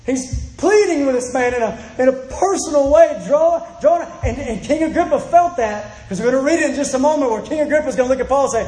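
A man's voice: extremely high pitch, expressive, fast, few pauses, dark tone, roomy sound, a little hiss or hum, poor audio. A man preaching a sermon in an earnest, pleading way, repeating his phrases and acting out the voices he quotes.

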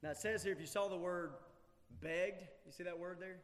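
A male pastor preaching a sermon in a church, emphatic, swinging from loud urgency to hushed intensity. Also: high voice, fairly even intonation, fairly quick. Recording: long hall reverb.

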